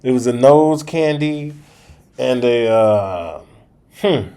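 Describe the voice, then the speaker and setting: A man talking straight to his viewers in a loose, unscripted monologue. He rambles and circles back, restarting sentences and dropping slangy asides, at a pitch in the middle for a man. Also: lively intonation, takes it slowly, dark tone, clean tone. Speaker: channel host. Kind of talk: casual storytelling monologue.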